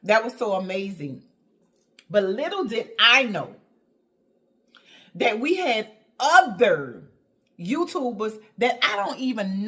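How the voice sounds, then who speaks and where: A woman vlogging about her home decorating channel, telling a story with laughs and excited squeals, going soft and slow when she is touched. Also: fairly high pitch. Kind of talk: casual vlog talk.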